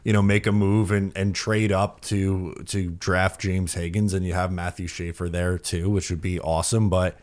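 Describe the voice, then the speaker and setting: A man's voice: sits low, little pitch movement, normal speed, few pauses, darkish tone. A man co-hosting a hockey podcast, talking in a rambling, upbeat way with plenty of fillers. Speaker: podcast co-host. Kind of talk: casual hockey podcast chat.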